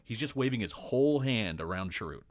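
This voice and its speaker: Deep-voiced man running a tabletop game. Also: lively intonation. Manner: rambling, halting narration with many fillers. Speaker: game master.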